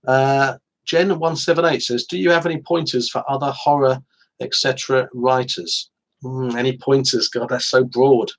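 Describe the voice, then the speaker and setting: A man's voice: medium pitch, steady tone, unhurried, low-quality recording. An English man in his forties, an author hosting a casual live stream, chatting in a rambling, self-deprecating way with frequent restarts.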